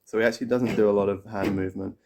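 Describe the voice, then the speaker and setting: A man's voice: lowish voice, steady tone, rapid-fire. A man teaching a guitar lesson, explaining a picking pattern step by step in a casual way. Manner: explains step by step, counts and sings pattern syllables while playing. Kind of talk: casual instructional talk. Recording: loud guitar playing over the voice. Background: acoustic guitar playing.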